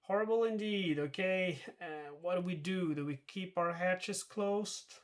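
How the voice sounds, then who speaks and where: A man's voice: sits high, unhurried. A man narrating a solo board game playthrough, thinking aloud with many fillers and self-corrections as he explains each rule and dice roll. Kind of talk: casual explanatory playthrough commentary.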